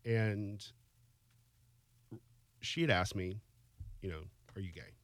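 Man, forties, low bright voice, halting, emotional, dry sound. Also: no room sound. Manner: soft-spoken, emotional, halting storytelling. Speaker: guest. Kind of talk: casual chat.

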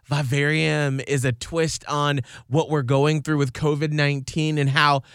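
Animated, emphatic male radio co-host. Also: a little high, measured pace, clear, resonant tone, dry recording, studio quality. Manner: animated, emphatic, jumps into quoted voices. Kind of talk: casual chat.

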